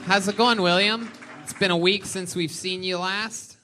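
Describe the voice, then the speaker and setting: A man's voice: high-pitched, moderate pace, music in the background. A man hosting a live comedy show, teasing and questioning a comic on stage. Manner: animated, teasing interviewer.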